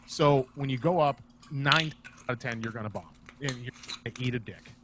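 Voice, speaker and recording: A male stand-up comedian guesting on a video-call podcast, telling profane, animated stories in a casual chat. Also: medium pitch, fairly quick, background noise. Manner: profane, animated anecdote teller.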